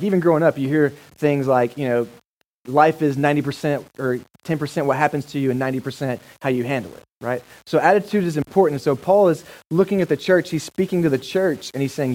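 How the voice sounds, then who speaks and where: A man's voice: a little high, a little mellow, rough recording. A male pastor giving a sermon in a casual, enthusiastic, joking manner.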